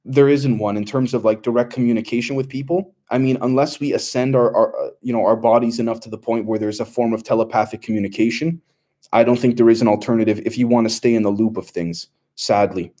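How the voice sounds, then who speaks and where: Mellow-voiced man chatting on a livestream. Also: medium pitch, steady tone, fast. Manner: loose and rambling, many fillers and restarts. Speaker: livestream host reading chat questions. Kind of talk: casual livestream chat.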